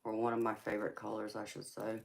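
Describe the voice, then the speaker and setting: A woman's voice: rumbling low, monotone, fast, creaky, noisy background. A middle-aged woman with a Southern US accent, hosting a casual livestream and answering viewer comments, calling people sweetheart and honey. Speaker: tarot reader and livestream host.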